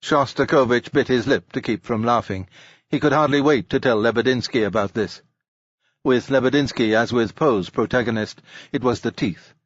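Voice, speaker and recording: A man narrating a literary novel in a steady, mid-pitched voice, giving each quoted character a slightly higher voice. The sound is dry and a little dull, as if from a close, plain home recording. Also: normal speed, no room sound. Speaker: audiobook narrator. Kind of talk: scripted narration.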